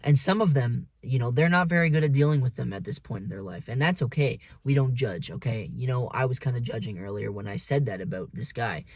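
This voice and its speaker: A man's voice: medium pitch, brisk, few pauses, no room sound, studio quality. A man talking in a casual, blunt monologue, swearing freely and preaching to the listener as "man" and "dude". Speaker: vlogger.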